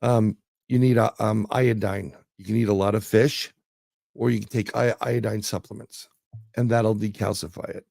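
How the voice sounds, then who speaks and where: A man's voice: lowish voice, fairly even intonation, moderate pace, creaky, a little mellow, dry recording, studio quality. A man, a guest telling rambling anecdotes in casual conversation, full of fillers and restarts. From New York City. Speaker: guest, remote viewer. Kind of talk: casual interview storytelling.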